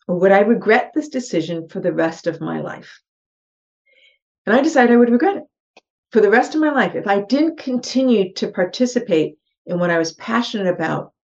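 Earnest middle-aged woman telling her story. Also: on the low side. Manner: earnest, animated, acts out her own thoughts in quotes. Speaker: podcast guest, real estate investor. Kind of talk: personal storytelling in an interview. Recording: slightly dull, muffled podcast audio.

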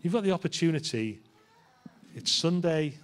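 A man's voice: fairly high pitch, lively intonation, normal speed. Man preaching a conversational sermon. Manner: conversational, with rhetorical questions. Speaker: pastor. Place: church.

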